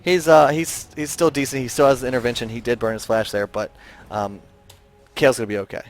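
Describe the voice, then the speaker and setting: A tired man giving play-by-play esports commentary, getting excitable and high in big plays. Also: fairly quick, faint music behind.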